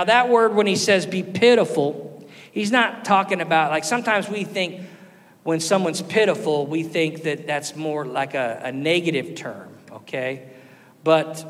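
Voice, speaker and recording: A man preaching a sermon, earnest, rising to loud emphasis and dropping to soft, quiet lines. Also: on the high side. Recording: long hall reverb with faint music.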